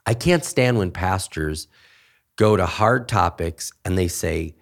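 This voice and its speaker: Deep-voiced pastor, emphatic and animated. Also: male voice, takes it slowly, gravelly. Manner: emphatic, animated when quoting others. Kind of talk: podcast conversation.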